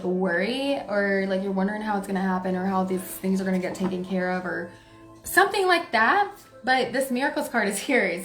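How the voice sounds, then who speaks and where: A woman giving a casual tarot reading to camera, talking in a forceful, excitable way and laughing often. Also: medium pitch. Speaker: tarot card reader. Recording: roomy echo, faint music behind.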